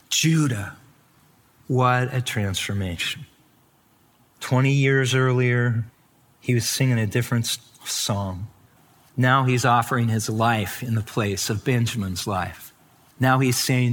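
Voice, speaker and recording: A man preaching at an unhurried, measured pace, letting his words land one at a time. He acts out the quoted lines with sudden lifts in pitch and stretched words. Then he falls back to a hushed, heavy tone. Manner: slow, deliberate preaching with sudden soft drops. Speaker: pastor. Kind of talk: sermon.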